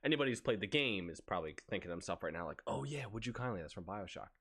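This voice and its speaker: A man's voice: racing, slightly rough. A man co-hosting a casual podcast chat, acting out quoted phrases as he tells a story. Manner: animated, acts out quoted phrases with big pitch swings. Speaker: podcast co-host.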